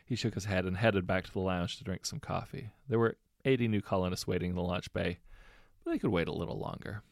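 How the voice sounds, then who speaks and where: A man narrating a fan fiction audiobook in a steady, wry storytelling manner. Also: deep voice, fast talker, vocal fry, dry recording, clean studio sound.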